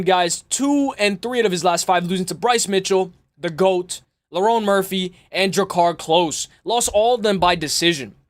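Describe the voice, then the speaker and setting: High-pitched guy on a live stream, hyped and laughing a lot, chatting with viewers. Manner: excitable, laughs often, talks straight to chat. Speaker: livestream host. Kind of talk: casual live-stream chat.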